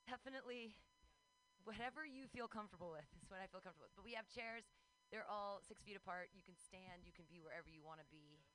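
Bright-voiced woman doing stand-up. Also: medium pitch, fast talker, slight background noise, rough recording. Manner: chatty, self-mocking, playful squeals. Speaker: stand-up comedian. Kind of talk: stand-up comedy set. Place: outdoor comedy show.

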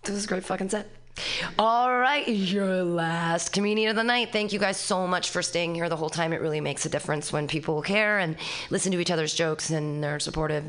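A woman's voice: on the low side, fairly quick, fairly bright tone. A woman hosting a comedy show, loose and enthusiastic, casually swearing between acts. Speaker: open mic host.

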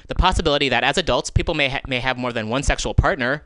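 A man's voice: mid-range voice, rapid-fire, pushed and bright, dry recording. A male radio host giving solo commentary in a studio, exasperated and sarcastic, swearing as he vents, speaking into a handheld microphone. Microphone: handheld microphone taken off the stand.

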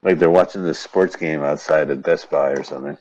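An extremely low-pitched man speaks fairly quickly in a steady, slightly mellow tone. He casually banters with a co-host about an old silent film, explaining scenes between wry jokes, over a dull, lo-fi radio stream.

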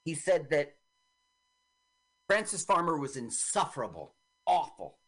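A woman's voice: deep voice, sing-song, measured pace, breathy edge. A woman co-hosting a radio show, chatting casually about an old film and acting out quoted lines as she retells the story. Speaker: radio co-host.

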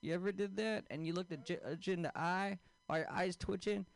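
A man performing a stand-up comedy set, with a halting, offbeat delivery full of fillers. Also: sits high, creaky.

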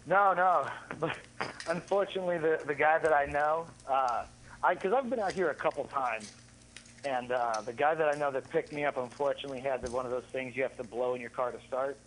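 A relaxed man chatting as a radio guest. His voice sits mid-range, carrying a faint hiss in the background. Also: medium pitch, a little fast, poor audio. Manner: laid-back, asks short questions. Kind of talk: casual radio chat.

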